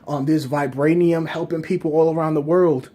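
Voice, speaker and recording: A man's voice: fairly high pitch, steady tone, normal speed, warm tone, lightly acted. A man voicing an earnest young male king who pleads with his cousin for help. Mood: pleading.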